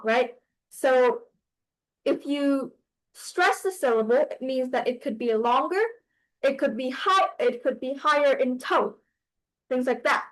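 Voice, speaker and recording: A woman leads an online class, explaining things slowly. Her voice sits high, and her speech is full of pauses, fillers and self-corrections. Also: poor audio. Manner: hesitant, many fillers and restarts. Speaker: teacher.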